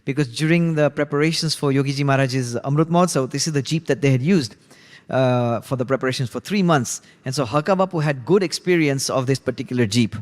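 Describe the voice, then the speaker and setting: A man leads a class and tells a story in an easy, chatty way, often pausing on "you know." His voice sits at an ordinary middle pitch. A long reverb trails after his words, as if he is in a large hall. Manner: conversational, relaxed retelling with frequent 'you know'. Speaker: religious class teacher. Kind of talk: storytelling lesson.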